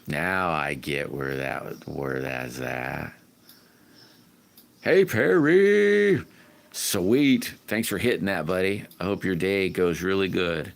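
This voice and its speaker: A man hosts a casual livestream, reading out viewer comments in a friendly, rambling way. His voice sits very low and he talks slowly, then breaks into loud whoops when regulars arrive. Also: fairly even intonation, creaky. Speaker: livestream host.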